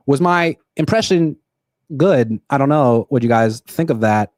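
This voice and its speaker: A young man hosting a solo sports show, ranting in animated, quick bursts. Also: mid-range voice, no echo, studio quality. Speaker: sports podcast host. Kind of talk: solo livestream commentary.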